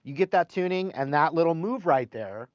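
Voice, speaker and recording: A man's voice: a little high, expressive, moderate pace, dry recording. A man teaching guitar in a casual live stream, chatting and reading viewer comments aloud between playing. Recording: slightly dull sound with guitar playing.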